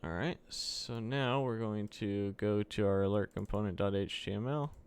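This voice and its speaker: A man's voice: lowish voice, moderate pace, a little mellow, clean tone. A man live-streaming a coding session, thinking aloud, muttering to himself with fillers while he types. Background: keyboard typing and clicks.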